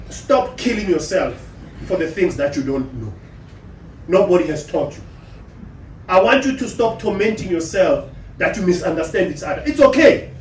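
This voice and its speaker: A South African man giving an animated motivational talk on relationships to an audience. He acts out the voices of the people he quotes. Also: high-pitched. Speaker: relationship speaker. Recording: echoey room, distant mic, faint hum.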